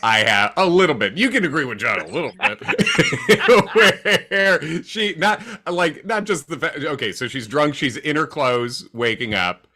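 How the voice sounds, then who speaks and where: A man co-hosting a casual livestream recap, excitable and playful. His pitch swings around a lot, and his tone stays bright and forward. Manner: excitable, playful, quick to joke. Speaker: podcast co-host.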